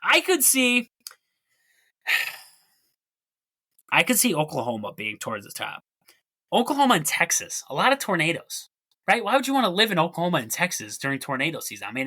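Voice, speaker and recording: A man's voice: a little high, bright, forceful tone. A man hosting a solo sports podcast, chatty and jokey, with rambling asides. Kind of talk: casual solo sports talk.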